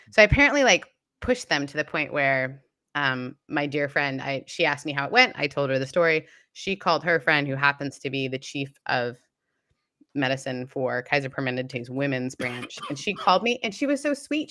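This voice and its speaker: A woman from Canada with a low, bright voice tells a story in a loose, candid live-stream chat. She acts out the people in her story with lively quoted voices, and the sound is dry and close. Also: fairly quick, dry recording. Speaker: co-host.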